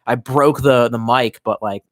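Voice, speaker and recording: A man's voice: mid-range voice, a little slow, no room sound. A young man in casual live stream talk, rambling and profane, close to a desk mic in a small room at home. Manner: profane, rambling, animated storytelling.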